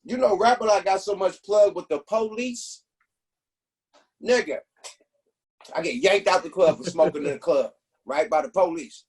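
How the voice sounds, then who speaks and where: A man's voice: sits high, normal speed, pauses often, darkish tone, breathy edge. A man telling stories in a casual chat, profane and emphatic. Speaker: interview guest telling stories.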